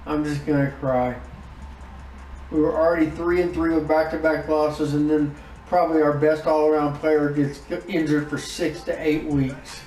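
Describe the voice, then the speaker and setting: Gaming commentator, male, slightly high voice, talks through his season with big groans and exclamations; recorded away from the mic in an echoey room. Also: level tone, moderate pace, a little mellow, far from the mic. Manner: emotive, groans and exclaims over results. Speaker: gaming YouTuber. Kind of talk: casual gameplay commentary.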